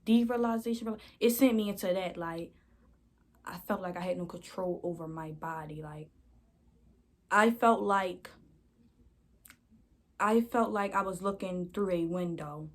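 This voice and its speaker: A woman's voice: lowish voice, measured pace, long pauses. A young woman vlogger telling a storytime in a rambling, slangy way, often calling her viewers y'all. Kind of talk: casual storytime.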